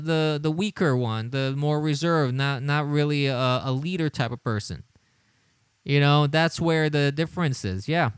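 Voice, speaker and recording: Male livestream host, somewhat high, smooth voice, dry close sound, laughing and incredulous. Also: dry recording. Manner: laughing, incredulous, rambling with restarts. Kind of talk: casual livestream commentary.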